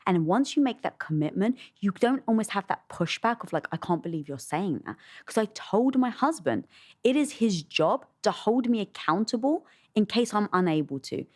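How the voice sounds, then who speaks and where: A woman's voice: mid-range voice, normal speed. A British woman, a podcast guest, telling stories with emphatic delivery and acted-out quotes. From Britain. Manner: lively, acts out quoted voices, emphatic. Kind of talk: storytelling in a conversational interview.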